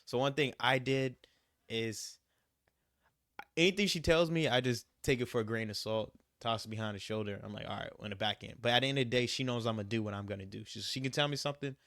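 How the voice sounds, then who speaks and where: A man's voice: medium pitch, fast talker, fairly bright tone, no room sound, studio quality. A young man vlogging about his travels, talking to viewers in a casual, emphatic, repetitive way as he gives motivational advice. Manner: emphatic, repeats his points, says "you gotta" a lot. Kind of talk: casual motivational vlog talk.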